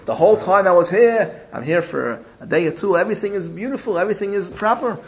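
A man's voice: a little high, very animated, a little fast, vocal fry, pitched above the performer's own voice, low-quality recording. A man playing a proud old king who questions and scolds, speaking in raised, exclaiming questions. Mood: puzzled. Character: proud indignant old king, father of a princess.

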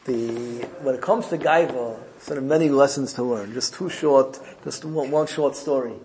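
A man's voice: medium pitch, moderate pace, background noise. A man giving a Torah class, reading Hebrew verses and translating them line by line with emphasis. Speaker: Torah teacher.

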